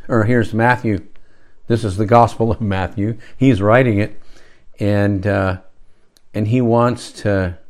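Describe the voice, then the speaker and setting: A man preaching a conversational sermon, rambling along with restarts and rhetorical asides. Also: on the low side.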